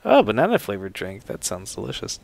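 A man's voice: on the low side, wildly swooping pitch, a little fast, gravelly. A man hosting a game playthrough, telling stories and reacting in a rambling, laughing way, swearing often. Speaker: let's play host. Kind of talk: casual gameplay commentary.

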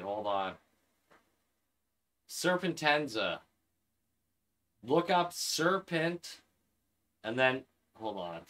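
A man's voice: medium pitch, pushed and bright. A man hosting a gaming livestream, talking casually into a headset and ranting with heavy swearing. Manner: profane, heated ranting.

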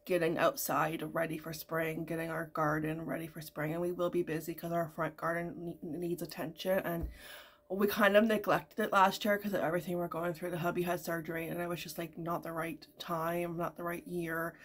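A middle-aged woman vlogger chatting casually, rambling with lots of fillers and repeats. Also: lowish voice. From Canada. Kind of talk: casual chat.

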